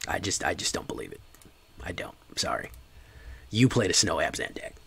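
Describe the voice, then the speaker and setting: A man's voice: low-pitched, sing-song, moderate pace, gravelly, a bit bright, a little hiss or hum. A man streaming a card game, chatting casually and joking with his chat.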